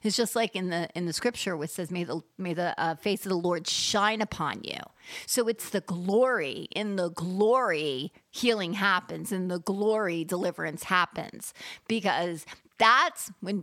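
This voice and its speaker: A woman guest in a faith conversation, speaking earnestly and building to excited emphasis. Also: on the low side, measured pace, no echo, clean studio sound.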